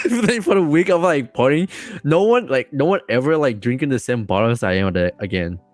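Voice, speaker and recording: رجل يروي قصة بحماس وثرثرة. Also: male voice, mid-range voice, fairly quick, no room sound, soft background music. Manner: rambling, excited, with many fillers and restarts. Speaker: podcast guest. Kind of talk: casual storytelling.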